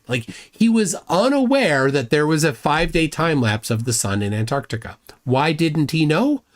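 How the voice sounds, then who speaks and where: A man hosting a live reaction stream, reading chat comments aloud and mocking the clip with sarcastic asides. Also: mid-range voice. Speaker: livestream host reacting to a video.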